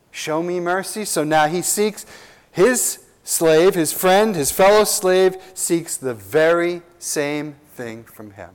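A man preaching a verse-by-verse sermon in a slightly high voice. His delivery is unhurried and earnest. He leans hard on key words and keeps asking his listeners questions. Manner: earnest, emphatic, with slow drawn-out stresses and rhetorical questions. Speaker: pastor. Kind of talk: expository sermon.

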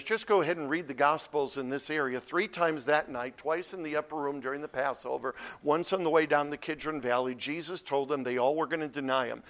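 A man preaching an expository sermon, swinging from loud, emphatic peaks to quiet, low asides. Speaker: pastor.

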